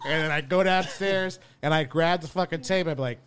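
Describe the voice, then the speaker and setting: A man's voice: fairly high pitch, brisk, few pauses, a crowd in the background. A young man, a comedian, telling crude stories in a casual podcast chat, swearing freely and laughing often. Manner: profane, storytelling, laughs often. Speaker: comedian guest.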